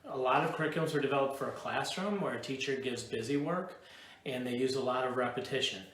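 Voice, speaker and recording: A man's voice: mid-range voice, fast, a bit bright. A middle-aged man from upstate New York hosting a live question-and-answer session, rambling and playful as he explains things at length. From Buffalo, New York. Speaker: host answering curriculum questions. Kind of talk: casual live Q&A. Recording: echoey room.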